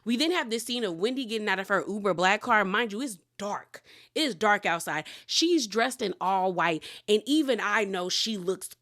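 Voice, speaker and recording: A woman giving a casual, animated recap of a reality TV episode, chatty and exclaiming as she acts out quotes. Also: mid-range voice, moderate pace.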